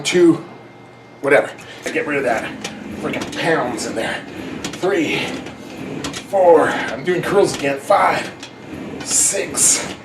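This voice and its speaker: A man's voice: mid-range voice, a little hiss or hum, poor audio. A man vlogging his own workout in a casual, self-mocking way, counting reps aloud and out of breath. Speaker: fitness vlogger.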